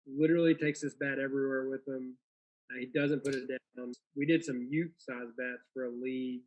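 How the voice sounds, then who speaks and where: A young man, a guest in a casual interview, talking in a friendly, relaxed way and explaining things plainly. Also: medium pitch. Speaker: guest, small business owner. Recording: slightly dull lo-fi audio.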